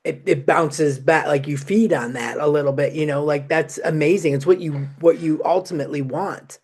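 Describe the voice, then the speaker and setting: A man's voice: a little high, steady tone, moderate pace, breathy edge. A man hosting a podcast, talking in a chatty way, full of "you know" fillers. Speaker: podcast host. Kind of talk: podcast conversation.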